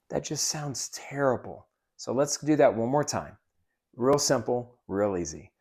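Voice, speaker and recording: An upbeat man gives a sales training lesson in a coaching manner. His voice sits at an ordinary middle pitch. He stops now and then to act out the greeting lines he teaches. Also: expressive, moderate pace, darkish tone, faint music behind. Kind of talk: instructional talk with role-play demos.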